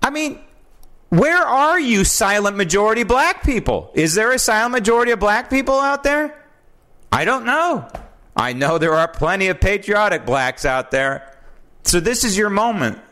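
A man's voice: sits high, big pitch swings, moderate pace, pushed and bright. An American man hosts his own talk show and delivers a heated political monologue from a home studio. He sounds indignant and emphatic, and his voice swoops widely up and down as he presses each point. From United States. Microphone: studio mic with old headphones.

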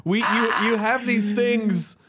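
A man's voice: very high voice, fairly even intonation, slow, heavy background noise. A man hosting a podcast in casual, enthusiastic chat. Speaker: podcast host.

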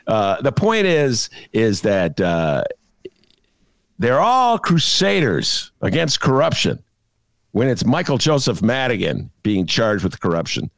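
A man hosting a political talk show, his voice leaping high and dropping low as he rants with sarcasm. He chuckles at his own jokes. The recording is dry and close. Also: huge pitch swings, slow, vocal fry, a bit bright, no room sound. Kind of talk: opinionated political chat.

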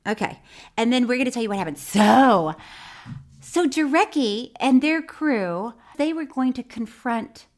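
A woman's voice: animated, measured pace. A woman co-hosting a podcast, casually recapping a crime documentary with a teasing, playful manner and frequent laughter. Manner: teasing, playful, laughs often, drops to a low mutter for asides. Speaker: podcast co-host.

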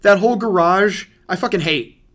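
Animated, laughing man, swearing casually. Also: high voice, moderate pace. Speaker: podcast host. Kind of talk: casual chat reviewing a movie.

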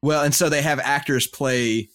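A man's voice: medium pitch, fairly even intonation, normal speed, a bit bright. A man co-hosting a podcast, describing things eagerly in casual chat with many "uh"s and "like"s. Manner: enthusiastic, filler-heavy storytelling. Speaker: podcast co-host.

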